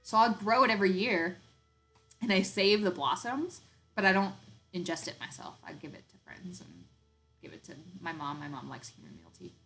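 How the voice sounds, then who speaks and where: A woman with a light Southern Arkansas accent hosting a casual homesteading live-stream chat. She rambles, laughs often and fills pauses with ums. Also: lowish voice, expressive, a bit bright, faint music behind, rough recording. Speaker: homesteading channel host.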